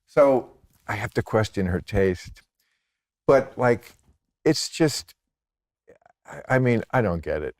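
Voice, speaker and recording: Sardonic older man, low voice. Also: sing-song, takes it slowly, pauses often. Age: 60s. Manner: sardonic storyteller, slips into mocking voices. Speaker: podcast guest. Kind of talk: casual chat.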